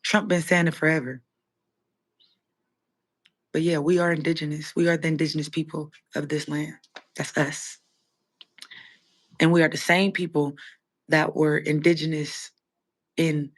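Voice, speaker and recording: A woman hosting a livestream, talking casually and bluntly as she answers her viewers' comments. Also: deep voice. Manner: blunt, opinionated, talks straight to chat. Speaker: livestream host.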